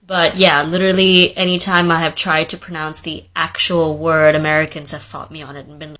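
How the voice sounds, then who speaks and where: A woman's voice: low-pitched, flat delivery, a little fast, bright, forceful tone. A woman complaining in an exasperated, resigned way. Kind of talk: casual complaint to camera.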